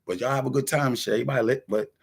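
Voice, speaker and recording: A man's voice: medium pitch, very fast, vocal fry, slightly rough. A man in a casual, rambling monologue, talking in profane street slang, jumping between topics and acting out what other people said. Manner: animated, jumps between topics. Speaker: rapper talking to camera.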